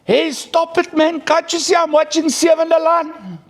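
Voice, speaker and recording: A man voicing an irritated mother who is glued to a TV show, speaking in a high, snappish voice. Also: a little slow. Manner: snappish, dismissive.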